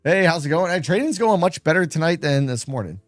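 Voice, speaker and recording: Lively intonation and a fairly quick pace mark this slightly high male voice, set against soft background music. He hosts a late-night trading livestream, chatting casually in a rambling, self-deprecating way.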